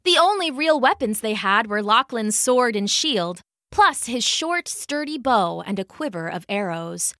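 A woman reads a fantasy storybook aloud with a lively, expressive delivery, her pitch rising and falling a lot. Her voice is a little high, bright and sharp. The read is close and dry. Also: unhurried, hardly any pauses, dry recording. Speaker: narrator. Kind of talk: storybook narration.

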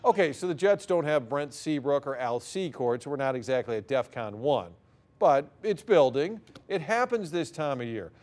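A man's voice: on the high side, darkish tone. A man delivering a wry, mock-outraged sports opinion segment as a radio commentator.

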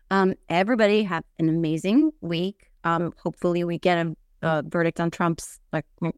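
A woman's voice: on the low side, smooth, dry recording, studio quality. A woman hosting a podcast, chatty and joking, swearing freely as she wraps up an interview. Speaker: podcast host. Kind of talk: casual interview chat.

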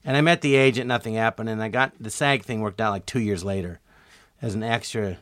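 A middle-aged man telling stories as a comedian guest in an interview, acting out quotes with sudden jumps in pitch. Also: brisk, fairly bright tone, no room sound, studio quality. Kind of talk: storytelling interview.

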